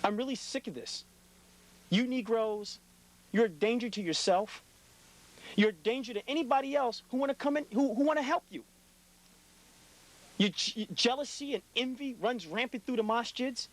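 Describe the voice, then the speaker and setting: A man's voice: very high-pitched, normal speed, pauses often, low-quality recording. A young adult man giving a blunt, impassioned scolding monologue to his community, lecturing hard and often tagging his lines with "man".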